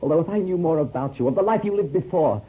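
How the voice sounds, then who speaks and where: A man's voice: on the high side, animated, quick pace, breathy edge. An actor playing a superstitious man haunted by guilt, nervous and overwrought, in a 1930s radio drama. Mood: pleading. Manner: nervous, overwrought, prone to panic. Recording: dull 1930s radio recording with faint hiss.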